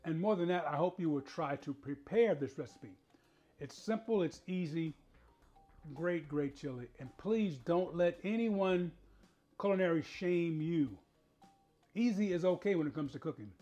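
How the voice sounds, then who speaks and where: A man hosting his own cooking show, chatting in a folksy, relaxed way to viewers at home as he cooks and serves food. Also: a little high, unhurried, highs cut off, soft background music. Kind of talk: casual cooking demonstration.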